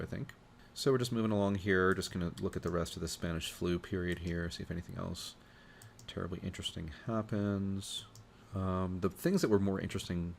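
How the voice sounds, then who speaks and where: A man with a very low, gravelly voice talks through charts in a loose, thinking-aloud way, full of fillers and restarts. A faint background hum sits under his voice. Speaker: astrologer host. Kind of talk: informal talk walking through charts.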